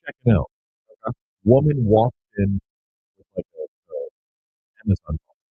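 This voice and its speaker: A man hosting a sports talk radio show from a studio, telling stories in an animated way and laughing often. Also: on the low side, unhurried, husky, no room sound, phone-quality sound.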